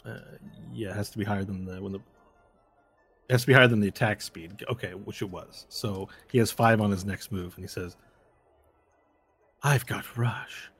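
A man with a low, husky voice runs a tabletop fight as game master. He explains each roll and move patiently, stopping now and then to fix his own slips. Soft music plays underneath. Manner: explains rules step by step, with fillers and self-corrections.

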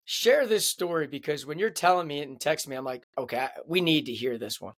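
Candid male podcast host, slightly high. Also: lively intonation, brisk. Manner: candid, loose, swears casually. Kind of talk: casual podcast interview.

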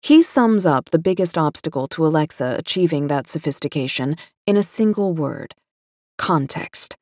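Low-voiced woman reading an article. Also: animated, darkish tone, dry recording, studio quality. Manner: measured, articulate reading with wry asides. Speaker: narrator of a magazine article. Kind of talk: scripted narration.

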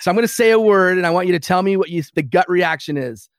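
A man hosting a podcast interview, asking measured, prompting questions. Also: sits high, no echo, clean studio sound. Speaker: podcast host.

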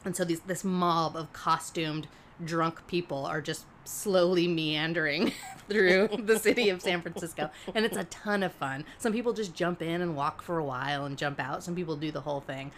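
A woman co-hosting a podcast, telling a story in relaxed, chatty talk that she often laughs through. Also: on the low side, normal speed, a little hiss or hum. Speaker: podcast co-host. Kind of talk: casual chat.

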